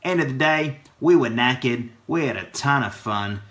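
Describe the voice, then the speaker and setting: A man's voice: medium pitch, lively intonation, moderate pace, fairly bright tone. A man with an Australian accent, casually telling a playful story crammed with Aussie slang. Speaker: vlogger.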